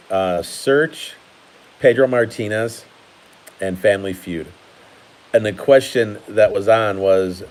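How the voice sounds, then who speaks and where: A man's voice: lowish voice, low-quality recording. A man hosting a casual card-collecting live stream, chatty and laughing often while he sorts cards at his table.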